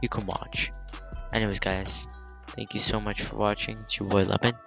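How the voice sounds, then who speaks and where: Low-ish guy rambling thru a story time vlog, cussing a bit, quiet music behind. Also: little pitch movement, moderate pace, vocal fry, poor audio. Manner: rambling, filler-heavy storytelling with swearing. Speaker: gaming YouTuber.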